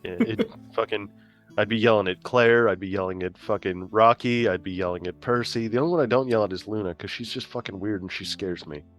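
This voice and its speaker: A man's voice: fairly low pitch, a little fast, soft background music. A man chatting casually as a tabletop game player, telling a rambling story with plenty of swearing and laughter. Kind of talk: casual chat.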